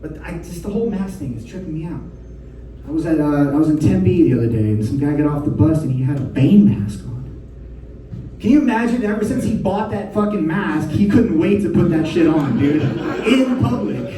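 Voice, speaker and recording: A man's voice: a little high, animated, brisk, noisy background. A young man doing a stand-up comedy set, crude and conversational, full of slang. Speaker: stand-up comic. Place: live comedy show venue. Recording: echoey room mic heard from a distance.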